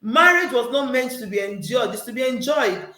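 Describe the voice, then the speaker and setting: A middle-aged woman gives relationship advice in an animated, preaching manner, acting out what other people say. Her voice sits a little high. The room around her is noticeably echoey. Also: normal speed, soft background music. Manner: animated, preachy, acts out quotes with laughter. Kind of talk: casual advice chat.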